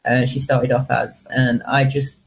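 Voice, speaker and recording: A man's voice: mid-range voice, little pitch movement, measured pace, vocal fry, rough recording. A man, a guest chatting casually and animatedly on a live stream, often restarting his sentences. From England.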